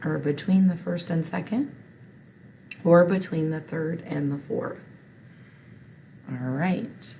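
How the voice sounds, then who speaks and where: A woman's voice: sits low, a little mellow, a little hiss or hum, rough recording. A woman teacher leading a phonics spelling lesson for children, patient and encouraging.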